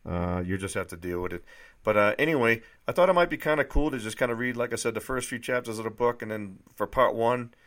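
A man's voice: mid-range voice, quick pace, a bit bright. Man in his 30s from New Hampshire, a bit nasal, loose rambling delivery, amateur author reading aloud. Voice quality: slightly nasal. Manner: rambling, many fillers and restarts. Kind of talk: casual monologue and reading aloud. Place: dry indoor room.

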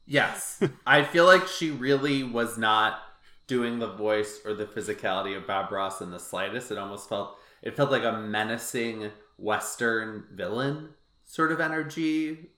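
Male podcast host, casual, bright forceful tone, roomy echoey sound. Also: lowish voice, a little slow. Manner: chatty, lots of "like" and "um" fillers. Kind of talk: casual chat. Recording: roomy echo.

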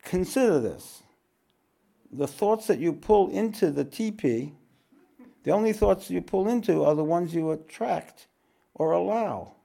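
A man teaching a spiritual talk to an audience, unhurried, repeating his phrases and often clearing his throat. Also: high-pitched, animated, warm tone.

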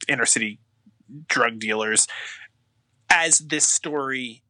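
A man with a very bright, forceful voice at an ordinary middle pitch chats casually on a movie podcast. He mostly chimes in with short agreements, then takes over to retell a moment with energy. The recording is dry and close. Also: takes it slowly, no echo. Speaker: podcast co-host. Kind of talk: casual movie review chat.

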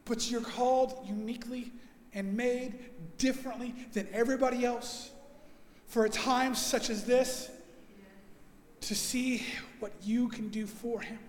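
A male pastor delivering a sermon with emphatic preaching, his voice hoarse from overuse, swinging between loud and soft and slowing down to stress his points. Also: extremely high pitch, steady tone, a little hiss or hum. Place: church sanctuary. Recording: echoey church hall.

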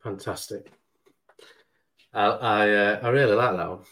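Low-voiced man hosting a podcast. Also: unhurried, fairly bright tone. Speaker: podcast host. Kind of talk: casual interview chat.

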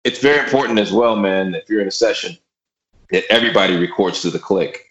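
Laid-back swearing drummer in an echoey room. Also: male voice, lowish voice, fast, a bit bright, dull audio. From Austin, Texas. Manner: laid-back, swears freely, repeats words, acts out his own past lines. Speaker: guest drummer. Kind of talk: casual podcast chat.

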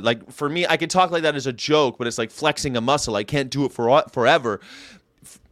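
A man from Southern California hosting a casual vegan livestream, talking in an animated, rambling way that jumps between jokes and pleas. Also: medium pitch, a little fast, no room sound. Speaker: vegan channel host.

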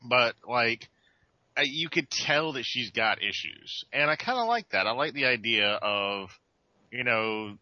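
A man's voice: medium pitch, a little slow, dry recording. A man co-hosting a casual podcast chat, rambling with lots of stammered restarts. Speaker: podcast co-host. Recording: dull lo-fi sound.

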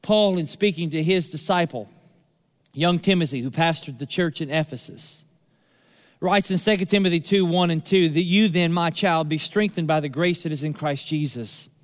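A male pastor delivering a sermon, preaching with rhetorical repetition and emphatic pauses. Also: on the high side. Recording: long hall reverb.

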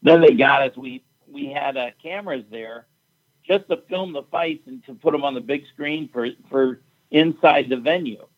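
A man's voice: fairly high pitch, normal speed, highs cut off. A man, a fight event promoter, telling a story in casual chat, blunt and profane as he recounts a quarrel.

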